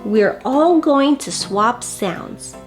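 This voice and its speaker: A woman voicing a gentle, patient male farm horse in a storybook read-aloud, explaining things slowly and kindly. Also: on the high side, animated, faint music behind.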